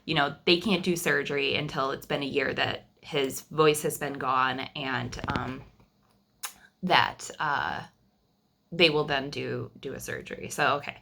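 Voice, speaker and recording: Young woman vlogger, low and crisp, candid and chatty, storytelling to camera. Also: fairly even intonation, measured pace, sharp tone, a little hiss or hum. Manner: chatty and candid, with frequent fillers and restarts. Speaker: vlogger telling her family's story.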